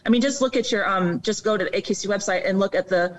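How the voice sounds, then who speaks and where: A woman's voice: quick pace, distant mic, poor audio. Earnest woman explaining on a podcast. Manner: earnest, explanatory, acts out quoted people in high voices. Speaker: guest on animal welfare. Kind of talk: casual podcast chat.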